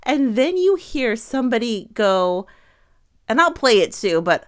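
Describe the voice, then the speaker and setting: A chatty woman co-hosting a casual talk show, retelling clips with bursts of laughter. Her voice is smooth and clear, recorded close and dry with no room sound. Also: fairly high pitch, sing-song, unhurried, dry recording. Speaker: co-host. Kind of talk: casual chat.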